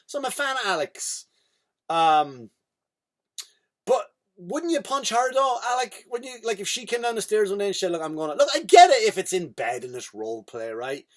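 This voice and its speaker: An Irish comedian rambles through a podcast monologue, blunt and full of swearing. His voice sits a little higher than most men's. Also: animated, fairly quick.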